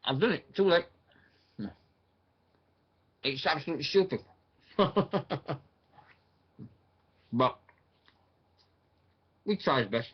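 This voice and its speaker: A man's voice: on the high side, animated, slow, long pauses, husky, highs cut off. A man hosting a casual online radio show, rambling and thinking aloud with plenty of fillers.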